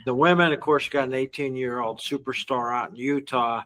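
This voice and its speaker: A man hosting an interview, asking questions in a halting way with frequent restarts. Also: mid-range voice, fairly even intonation, pushed and bright, low-quality recording. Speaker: podcast host.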